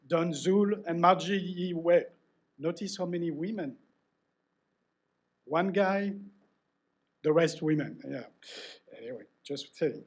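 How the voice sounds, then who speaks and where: A middle-aged man with a French accent gives a live acceptance speech, joking at his own expense as he thanks people by name. His voice sits fairly high for a man. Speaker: award recipient giving a speech.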